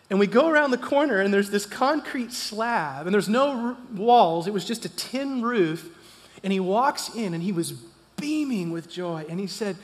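A man in his thirties preaching in a church, telling a personal story, animated and swinging from loud to hushed. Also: sits high. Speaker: pastor. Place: church sanctuary. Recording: long reverb of a church hall.

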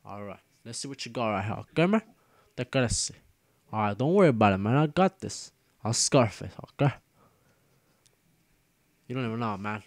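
A man's voice: on the low side, animated, moderate pace, pauses often, no room sound. A man voicing a cocky, boastful male gangster boss. He drawls and tacks "man" and "okay" onto every phrase. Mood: swaggering.

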